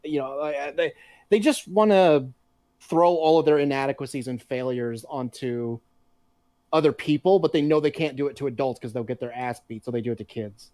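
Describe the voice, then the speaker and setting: A man chatting casually on a podcast, telling animated, profanity-laced stories. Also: medium pitch, brisk, no echo, clean studio sound. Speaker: podcast co-host. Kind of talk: casual chat.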